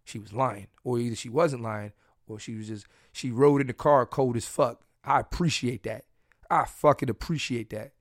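A man's voice: mid-range voice, normal speed, dry recording, clean studio sound. A man hosting a podcast, telling candid, crude and joking personal stories in a casual solo chat. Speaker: podcast host.

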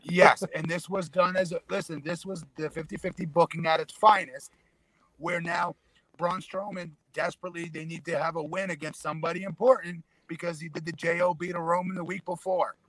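A man's voice: a little high, flat delivery, a little fast, fairly bright tone, no echo, poor audio. A man on a casual wrestling podcast, arguing booking points emphatically and lecturing his co-hosts. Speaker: podcast co-host. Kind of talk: casual wrestling opinion chat.

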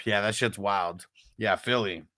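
A man's voice: fairly low pitch, unhurried, sharp tone, a little hiss or hum. A man chatting casually as a podcast co-host, laid-back, laughing a lot and swearing freely. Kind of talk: casual chat.

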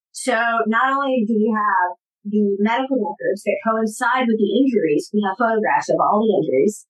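A woman guest giving personal testimony in an interview, earnest and emphatic, with halting restarts. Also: mid-range voice, low-quality recording.

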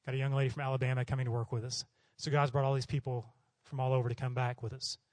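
A middle-aged missionary preacher from Oklahoma talks fast in a mid-range voice, with no room sound on the recording. He tells stories during his sermon, animatedly voicing each of the people involved.

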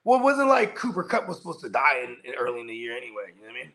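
A man's voice: mid-range voice, sing-song, racing, bright, forceful tone. A man co-hosting a casual fantasy football chat, rambling and profane, tagging lines with "you know what I mean". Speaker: co-host.

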